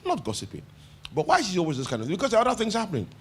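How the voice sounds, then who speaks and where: A man's voice: high-pitched, huge pitch swings, racing, fairly bright tone, a little hiss or hum. A man with a Nigerian English accent preaching a sermon as pastor, talking conversationally, asking the congregation questions and repeating phrases for emphasis.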